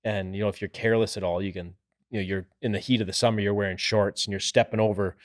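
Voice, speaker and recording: A man with a fairly low voice talks through building-site jobs in plain, practical terms. The recording is close and dry, with little room sound. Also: fairly even intonation, fast talker, no echo. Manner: plain-spoken, explaining with trade terms. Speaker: podcast co-host, builder. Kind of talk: casual chat.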